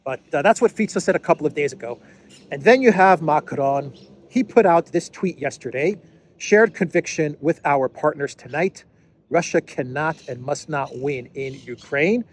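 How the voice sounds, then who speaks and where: A man hosting a political commentary show, talking casually with frequent fillers and dry sarcastic asides. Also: mid-range voice.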